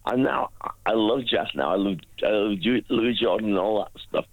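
A man's voice: on the low side, normal speed, no room sound, narrow, tinny audio. A man calling into a radio phone-in, enthusiastic and rambling, repeating his words. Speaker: radio caller. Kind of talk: phone-in chat.

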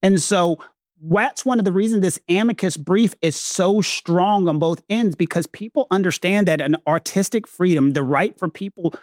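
A man with a Southern US accent, co-hosting a casual talk show and explaining law points emphatically, slowing down to stress key words. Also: sits high, darkish tone, no room sound, clean studio sound. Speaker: legal podcast co-host.

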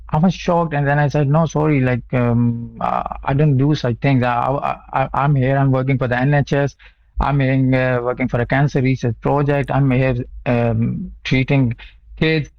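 A young man from Asia, not an English speaker, calling in to a radio show and telling what happened to him in a halting way, with many repeated words and fillers. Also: medium pitch, gravelly, dry recording. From South Asia. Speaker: caller. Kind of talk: phone-in radio call, personal account. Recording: dull muffled line.

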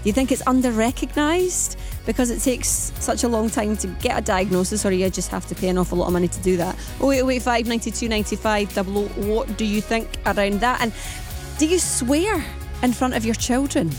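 A woman's voice: fairly high pitch, a little mellow, faint music behind. A woman presenting a morning radio phone-in, chatty and asking listeners lots of questions. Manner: chatty, asks rapid questions, reads out phone numbers.

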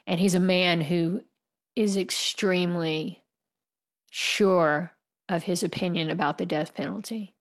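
A woman's voice: on the low side, fairly even intonation, a little slow. A woman from the United States, an author answering interview questions in a candid, passionate way and laughing wryly. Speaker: author guest.

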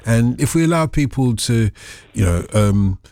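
A man's voice: medium pitch, lively intonation, normal speed, vocal fry, mellow, dry recording. Joking radio host, man. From Liverpool. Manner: playful, joking, puts on voices. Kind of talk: radio phone-in chat.

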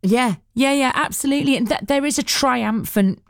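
A woman's voice: sits high, normal speed, no echo, clean studio sound. A woman presenting a radio show in casual chat, reading out listener messages and laughing easily.

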